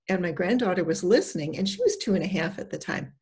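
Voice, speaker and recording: An older woman, an empowerment coach, speaking in a gentle, conversational, encouraging way. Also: fairly low pitch, fast, few pauses. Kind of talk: casual advice talk.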